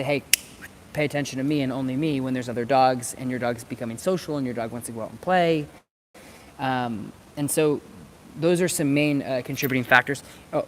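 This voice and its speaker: There's a slight hiss or hum under this man's medium-pitched voice. He's a dog trainer outside by some planters, casually teaching to camera and repeating words while he sorts through his ideas.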